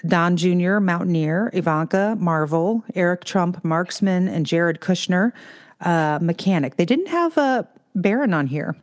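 A woman co-hosting a casual chat over a remote call, talking in an animated, storytelling way. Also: on the low side, unhurried. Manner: chatty, animated storytelling with put-on quote voices.

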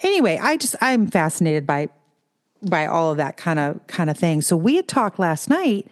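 A woman co-hosting a casual chat over a remote call, talking in an animated, storytelling way. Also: lowish voice, moderate pace. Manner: chatty, animated storytelling with put-on quote voices.

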